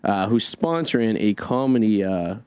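A man's voice: fairly low pitch, lively intonation, a little mellow, clean tone, no room sound. A man co-hosting a casual radio show, plugging upcoming dates and stumbling over his words with lots of fillers. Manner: halting, many fillers and restarts.

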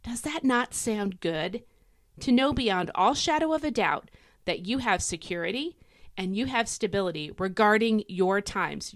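A woman hosting a devotional podcast, chatty and emphatic, swinging her pitch up and down to stress words. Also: a bit bright, no echo, studio quality. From United States. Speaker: podcast host.

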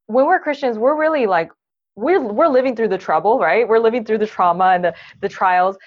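A woman podcast host talking casually about faith, encouraging and full of fillers. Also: medium pitch. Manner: encouraging, fast, filler-heavy. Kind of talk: casual chat. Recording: dull lo-fi sound.

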